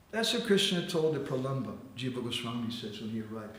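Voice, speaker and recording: A man giving a storytelling sermon in a temple hall, animated, acting out quotes and laughing often. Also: medium pitch, a little fast, hardly any pauses. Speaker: spiritual teacher giving a class.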